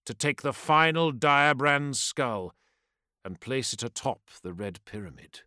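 A man's voice: medium pitch, expressive, a little slow, pushed and bright, no echo, clean studio sound. Dramatic male fantasy audiobook narrator.

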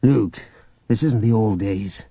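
A man's voice: lowish voice, slow, mellow, breathy edge, dry recording, heavily acted. A man reading an audiobook, voicing a blunt, protective male smuggler in a matter-of-fact tone. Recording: dull lo-fi audiobook recording.

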